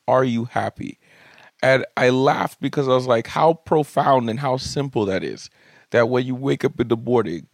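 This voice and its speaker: A young adult man hosting a podcast, telling comic stories about his kids in an animated, jokey way and swearing casually. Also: mid-range voice, no room sound, clean studio sound. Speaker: podcast host. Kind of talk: comedic storytelling monologue. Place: home studio room.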